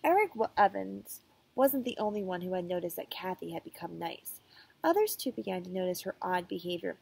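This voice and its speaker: Gravelly-voiced woman reading to students. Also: on the low side, animated, fairly quick, a little mellow, low-quality recording. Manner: casual asides with fillers and self-corrections. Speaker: teacher reading aloud to students. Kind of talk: reading a children's chapter book aloud.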